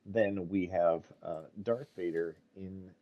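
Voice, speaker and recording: Male co-caster, very low voice, dull lo-fi call audio, relaxed and hesitant. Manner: laid-back, halting with many uhs. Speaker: co-commentator. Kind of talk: casual game commentary. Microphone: voice call mic.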